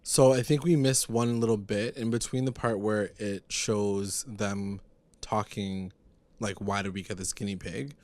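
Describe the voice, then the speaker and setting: A man co-hosts a podcast, recapping a TV episode in loose, casual chat that rambles, leans heavily on fillers, and retells scenes. His voice is lowish and a little mellow, with fairly even intonation and an unhurried pace.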